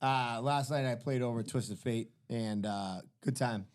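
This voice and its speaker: A man's voice: medium pitch, unhurried. Male podcast co-host, loose rambling delivery with plenty of swearing. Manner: rambling, profane anecdotes. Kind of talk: casual chat.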